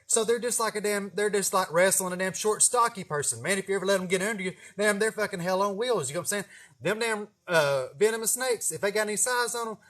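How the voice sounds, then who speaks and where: Speaking fast in a voice that sits high, a young man vlogs through a meandering, casual story. Profanity comes often, and he laughs at himself throughout.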